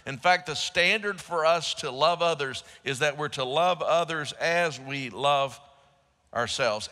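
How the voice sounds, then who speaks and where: Male pastor, mid-pitch, bright and forceful delivery, joking sermon style, live church hall reverb. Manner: joking with the congregation. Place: large church auditorium.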